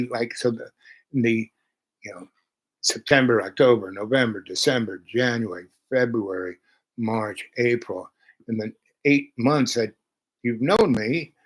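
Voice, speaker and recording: A man's voice: medium pitch, breathy edge, rough recording. Rambling man in his seventies. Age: 70s. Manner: meandering, chatty, jumps between thoughts. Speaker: channel host. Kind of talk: rambling personal storytelling.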